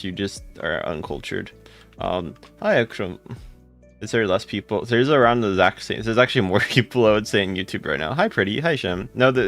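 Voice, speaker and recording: A man live streaming a game, rattling off quick greetings and answering chat comments in casual talk. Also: on the low side. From United States.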